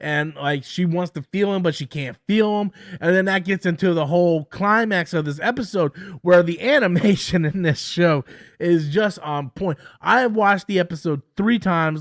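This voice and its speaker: A man's voice: a little high, dry recording, clean studio sound. A man hosting a casual live-stream review at home, talking enthusiastically and often stumbling over and repeating his words. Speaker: show review host.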